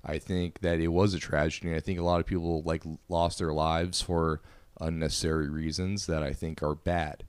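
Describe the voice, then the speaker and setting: A man's voice: low voice, little pitch movement, moderate pace, clear, resonant tone, dry recording. A young man co-hosting a podcast, talking in casual, profane, rambling banter full of fillers. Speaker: podcast co-host. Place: indoor room, couch.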